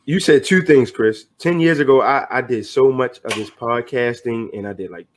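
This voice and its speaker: A man's voice: medium pitch, normal speed, slight background noise. A middle-aged man talking earnestly as a podcast guest, motivational and loose with slang. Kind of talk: casual podcast conversation.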